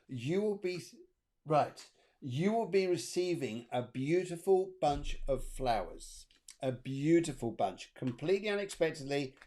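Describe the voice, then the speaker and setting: A man's voice: a little mellow, slight background noise. A man hosting a live-streamed psychic reading show, chatty and upbeat as he passes on messages. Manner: chatty and upbeat, sings snatches of song in falsetto. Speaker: spiritual medium, co-host.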